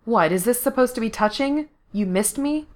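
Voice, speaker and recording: A woman's voice: on the high side, expressive, normal speed, voice pushed up, natural voice. A woman reading a story aloud, voicing a defiant, angry young man who snaps his words. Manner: sharp, snapping delivery. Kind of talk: fan fiction reading.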